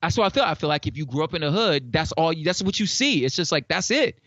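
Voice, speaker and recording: A man's voice: on the high side, lively intonation, fast, a bit bright, dry recording, lo-fi sound. A man on a podcast, casual and slangy, who tells stories animatedly and acts out voices as he goes. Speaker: podcast guest. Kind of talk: casual chat.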